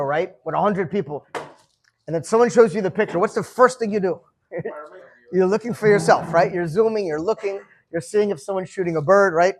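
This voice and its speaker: A man's voice: sits high, slight background noise. A man in his fifties leading an informal gathering, chatty and storytelling, often repeating words as he starts a sentence. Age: 50s. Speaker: farbrengen leader. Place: room with a gathered group.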